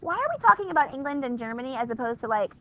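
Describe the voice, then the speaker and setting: A woman's voice: high voice, very animated, rapid-fire, bright, forceful tone. A woman teaching a history class in a chatty, wry, conversational way, full of rhetorical questions. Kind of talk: classroom lecture. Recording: dull lo-fi classroom recording.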